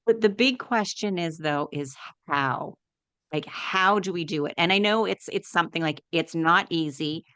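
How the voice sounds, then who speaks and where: A woman's voice: lowish voice, moderate pace, a bit bright, clean tone, dry recording. A woman hosting an interview, asking curious, rambling follow-up questions. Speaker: podcast host. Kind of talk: conversational interview.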